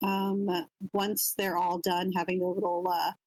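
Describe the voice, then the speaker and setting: A woman playing a tabletop horror game, speaking very slowly and stopping for uhs as she decides her moves. Her voice sits mid-range and sounds dry and close. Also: fairly low pitch, flat delivery, a little mellow, dry recording, low-quality recording. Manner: unhurried, with uhs and hesitations. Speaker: player. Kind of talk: casual tabletop play.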